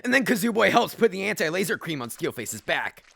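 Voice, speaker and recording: A man narrating a comedic cartoon story with a rambling, animated manner and offhand asides. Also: high voice, fairly quick, gravelly, no echo, clean studio sound. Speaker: creator and narrator.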